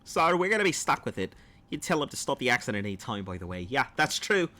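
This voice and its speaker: A man's voice: mid-range voice, sing-song, fast talker, pushed and bright. A man streaming a game and chatting with viewers in a put-on Australian accent, rambling and playful. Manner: rambling, playful, talks to chat. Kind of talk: gameplay livestream chat.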